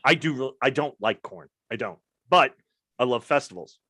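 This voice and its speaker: A man's voice: mid-range voice, animated, normal speed, pushed and bright, no room sound. A middle-aged man hosting a casual chat show, telling stories and running himself down between impressions. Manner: self-deprecating, tells stories and slips into character impressions. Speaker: show host.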